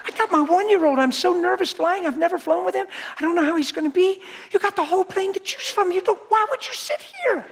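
A woman's voice: very high voice, animated, fast talker, few pauses, voice pushed up. A man voicing a nervous young mother who is anxious and pleading about flying with her baby.

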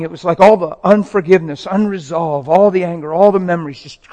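A man's voice: sits high, fast talker, few pauses, a little mellow. A man preaching a personal testimony in a dramatic, emotional storytelling manner.

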